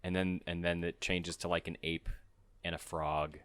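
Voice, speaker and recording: A young man chatting casually while playing a game, rambling through a movie plot and doing quick silly voices for the characters. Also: low voice, flat delivery, fairly bright tone, smooth, no room sound. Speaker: let's play co-host. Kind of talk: casual gaming chat.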